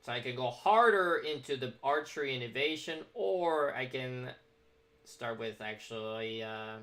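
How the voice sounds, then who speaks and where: A man in the middle of a relaxed game stream, his tone bright and a little edgy at the front. He thinks aloud, weighing options and commenting on what happens on screen, at a middle pitch. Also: a little slow. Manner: musing, thinks aloud while choosing options. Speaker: gaming streamer. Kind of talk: casual gameplay commentary.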